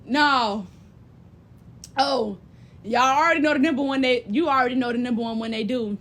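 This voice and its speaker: A young woman giving blunt, profane, big-sister advice in casual chat, animated and often mimicking other people's voices. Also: on the high side, normal speed. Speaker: livestream host.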